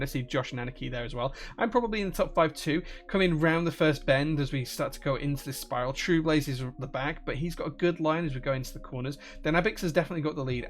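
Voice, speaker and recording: Man calling marble races over game music. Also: mid-range voice. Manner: rapid name-listing play-by-play with casual asides. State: slightly losing his voice. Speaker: streamer commentating viewer marble races. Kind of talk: live-stream race commentary.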